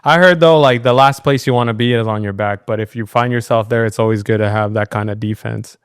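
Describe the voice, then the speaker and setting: Podcast host guy chatting, smooth voice, dry close sound. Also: mid-range voice, fast talker, no echo. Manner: relaxed, many short backchannels. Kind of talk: casual chat.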